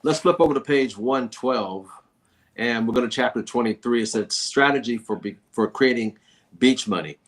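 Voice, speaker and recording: A man's voice: mid-range voice, moderate pace. Male host, mid-range voice, reads a passage, then riffs with repeated emphatic phrases. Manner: repetitive, folksy, sermon-like emphasis. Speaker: book review host. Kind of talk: reading aloud and discussing a business book.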